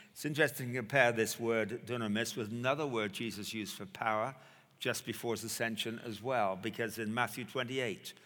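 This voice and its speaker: A male preacher delivering a sermon, telling a story with dramatic pauses and emphasis. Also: mid-range voice, fairly bright tone. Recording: echoey hall.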